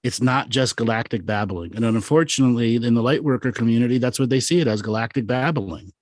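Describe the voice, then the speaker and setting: A man co-hosting a casual comedy chat on a video call, explaining calmly and tossing in dry quips. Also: mid-range voice, fast talker, no room sound. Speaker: co-host.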